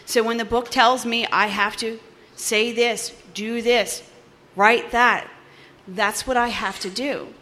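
Bright-voiced woman, animated storyteller, shares her recovery testimony and acts out the voices in it. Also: a little high, takes it slowly. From New Jersey. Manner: animated storytelling, acts out dialogue, laughs often. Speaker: recovery meeting speaker. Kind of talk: personal testimony at a recovery meeting.

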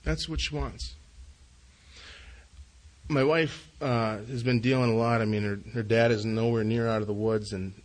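A middle-aged man giving an earnest, confessional personal testimony at a recovery meeting, swinging between hushed and loud moments. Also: lowish voice, rough recording.

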